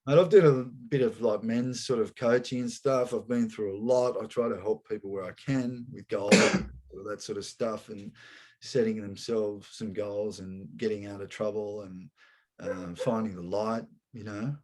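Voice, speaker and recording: A man's voice: on the low side, steady tone, normal speed, a little mellow. A man hosting a casual podcast chat, rambling and slangy, calling his guest mate and bro. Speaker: podcast host.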